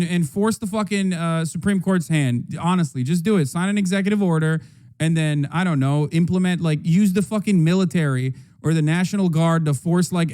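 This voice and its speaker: A man's voice: high voice, a little mellow. A man hosting a livestream, reacting to political news in a heated, profane, sarcastic rant. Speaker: streamer host.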